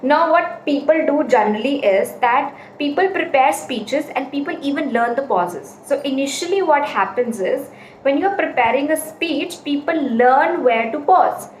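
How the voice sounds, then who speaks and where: High-voiced woman coaching in an echoey room. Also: animated, normal speed. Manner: explains with repeated examples, emphatic. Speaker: public speaking coach. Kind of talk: casual spoken lesson. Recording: echoey room, faint ambient noise.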